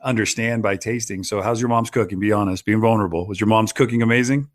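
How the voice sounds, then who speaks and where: A man's voice: lowish voice, fairly even intonation, fast. A middle-aged man hosting an interview, enthusiastic and encouraging, asking probing questions. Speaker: podcast host. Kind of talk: casual interview.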